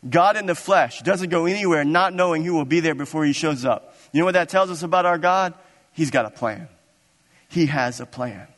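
A man pastor delivers an animated sermon, his voice sitting a little high. He acts out scripture scenes as he goes. A long reverb of a large church sanctuary hangs on every word. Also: normal speed.

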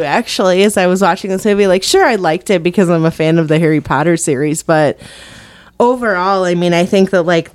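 A woman's voice: lowish voice, no room sound. A woman co-hosting a podcast in casual chat, rambling through stories and laughing often. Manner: giggly, rambling storyteller. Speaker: podcast co-host.

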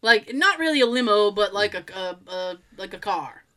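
A woman's voice: medium pitch, animated, moderate pace, fairly bright tone. A woman hosting a podcast, telling stories in a loose, rambling way with frequent laughter. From United States. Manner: chatty storyteller, laughs often, loose rambling restarts. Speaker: podcast host. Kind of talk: casual chat.

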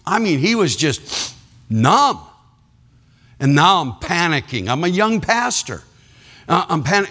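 A man's voice: on the high side, animated, unhurried, bright, forceful tone. A man preaching a sermon as a pastor, telling a story with laughter and acting out the people in it.

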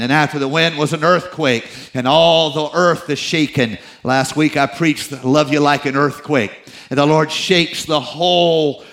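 In a low-quality recording, a middle-aged pastor delivers a sermon that swings from loud emphasis to quiet, confiding asides. His humor is teasing and self-deprecating.

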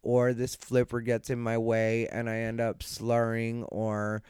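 A drowsy man hosting a solo podcast late at night, thinking aloud in an easygoing, rambling way. His voice is very clean and smooth, with a slight lisp. The sound is close and dry, with no room echo. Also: medium pitch, completely flat delivery, a little slow, darkish tone. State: sleepy, yawning late at night. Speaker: podcast host and comedian. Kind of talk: casual solo podcast monologue. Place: dark room at home, lying beside his dog.

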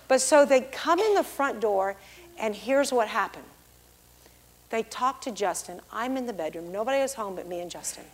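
A middle-aged pastor's wife giving a lively church testimony, acting out the people she quotes. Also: fairly high pitch, moderate pace. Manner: storytelling, acts out the people she quotes in big, loud voices.

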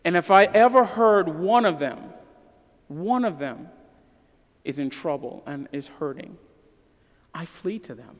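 A man in his thirties preaching a sermon as a pastor, earnest and emphatic, falling to a soft voice in prayer. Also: fairly high pitch, expressive, unhurried, pauses often. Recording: long hall reverb.

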